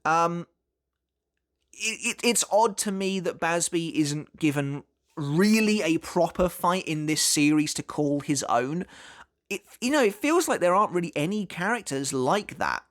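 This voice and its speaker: A man talks through an anime character breakdown in a loose, chatty way. His voice sits a touch higher than most men's. He leans on fillers and restarts his sentences as he thinks aloud. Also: expressive, a little slow. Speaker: anime commentary YouTuber. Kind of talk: casual video essay analysis.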